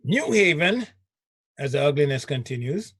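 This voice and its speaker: A male radio host with a gravelly, husky voice that swings widely in pitch as he riffs emphatically. He sits close to a dry mic and talks casually with his co-host. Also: normal speed, no room sound. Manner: animated, emphatic, laughing, puts on voices.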